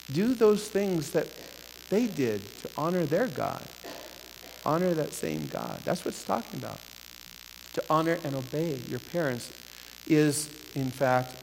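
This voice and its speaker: A man preaching a sermon as pastor, building from steady teaching to impassioned, near-shouted pleading. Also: a little high, vocal fry. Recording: echoey hall with faint hiss and hum.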